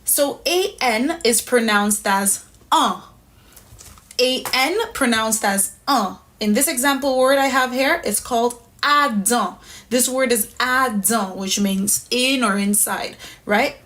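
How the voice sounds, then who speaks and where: A woman's voice: a little high, a little slow, fairly bright tone. A woman teaching a language lesson, patiently explaining pronunciation step by step. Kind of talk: instructional lesson.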